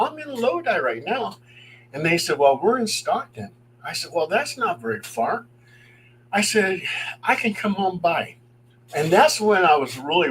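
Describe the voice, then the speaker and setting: A middle-aged paranormal investigator tells his ghost stories with gusto, and his voice sits a little high for a man. He acts out the voices of the people in his stories and chuckles now and then. A faint hum runs under the recording. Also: low-quality recording. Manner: animated, acts out quoted voices, chuckles as he talks. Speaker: paranormal investigator and guest storyteller. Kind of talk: telling true ghost stories on a live stream.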